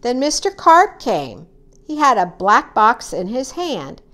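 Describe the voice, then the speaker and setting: A woman reading a children's story aloud, acting out the characters with high, excited cries. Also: slow pace.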